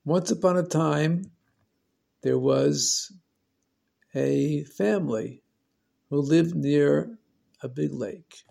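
Gravelly, husky-voiced male storyteller. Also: a little high, dark tone. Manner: slow, deliberate, with long pauses. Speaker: storyteller host. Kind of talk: storytelling narration.

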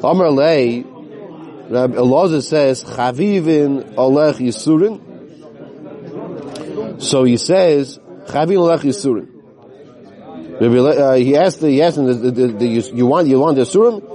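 Mellow-voiced man teaching a Talmud class. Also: mid-range voice. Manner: reads Aramaic slowly, then explains in plain English; loses his place at times and restarts.

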